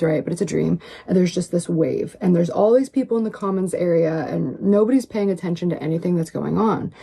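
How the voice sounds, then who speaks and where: A woman's voice: fairly low pitch, creaky, warm tone, breathy edge. A woman earnestly recounting a long story, rambling and filling her talk with "like". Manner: rambling, heavy on "like". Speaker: online personality in a played clip.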